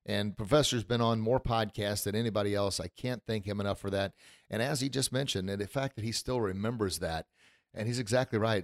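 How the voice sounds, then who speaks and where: A male podcast host with a fairly low voice talks in an effusive, grateful way, choked up with emotion. The sound is dry and close. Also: no room sound. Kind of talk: casual podcast chat.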